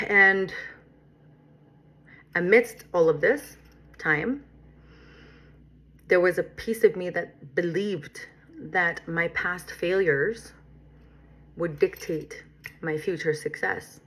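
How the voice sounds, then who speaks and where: A middle-aged woman speaks to camera about her own recovery in an unhurried, measured way. Her voice sits a little low, and she is earnest and reflective, stopping to check in with "right?" and "you know". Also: fairly bright tone. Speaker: recovery vlogger. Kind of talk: personal testimony to camera.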